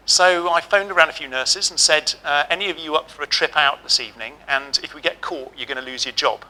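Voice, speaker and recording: A man's voice: a little high, a little fast, hardly any pauses, sharp tone, poor audio. A middle-aged man giving a ceremony address, telling a humorous hospital anecdote and giving direct advice. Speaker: ceremony speaker. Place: lecture hall.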